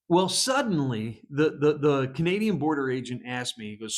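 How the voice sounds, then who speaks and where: Brief: lively American man, slightly high voice, chatty vlog storytelling, big pitch swings. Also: normal speed, gravelly. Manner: animated, laughing, voice swinging up and down. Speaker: police psychologist.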